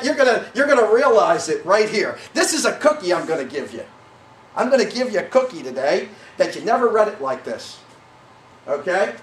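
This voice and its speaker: A male pastor delivers a sermon in a church sanctuary, his high-pitched voice folksy and animated and often climbing to a shout. He seems a little distant from the mic, the room is echoey, and there's slight background noise.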